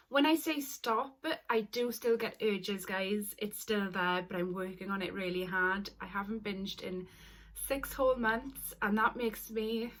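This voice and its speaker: A woman's voice: mid-range voice, fairly bright tone. Young woman, twenties, confessional vlogger: earnest, apologetic, close to tears at times. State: tearful at times. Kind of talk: personal confessional story.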